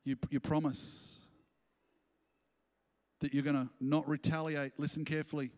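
A man delivers a sermon as pastor, his voice pitched high for a man. He preaches with animation and now and then acts out quoted lines in voices. The long reverb of a church auditorium trails after his words. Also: flat delivery, unhurried, darkish tone.

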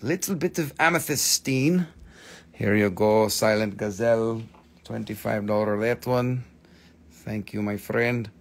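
Gravelly man joking through a live sale. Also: fairly low pitch, a little slow. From America. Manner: playful, rambling banter. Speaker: crystal seller hosting a live sale. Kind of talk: joking live-stream sales chat.

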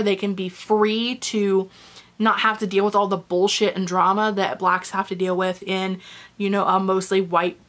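A young woman talks through her monthly reading in a relaxed vlog. She is chatty and candid, drops in the occasional swear word, and gets openly emotional about the books she loves. Her voice sits in a middle pitch. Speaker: book reviewer. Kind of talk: casual book review vlog.

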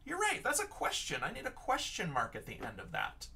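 A man's voice: high-pitched, huge pitch swings, fairly quick, vocal fry, pushed and bright, recorded from a distance. A male teacher giving an online lesson for young children, patient and encouraging, sounding out words letter by letter.

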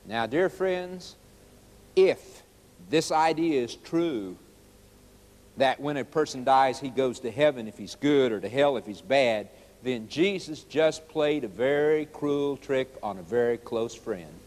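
A man's voice: mid-range voice, lively intonation, measured pace, darkish tone, big-room sound. A man preaching a sermon, quoting scripture aloud and asking his listeners rhetorical questions with emphatic force. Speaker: evangelist.

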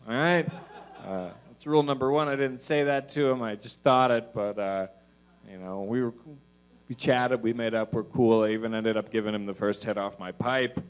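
A man doing a stand-up set in a comedy club, mumbling his asides and pushing his punchlines out loud. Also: mid-range voice, moderate pace, clear, resonant tone.

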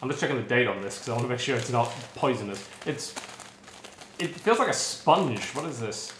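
A man's voice: mid-range voice, animated, a little fast, background noise. Sarcastic grumbling man, roomy sound. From United Kingdom. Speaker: snack taster. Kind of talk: casual chat.

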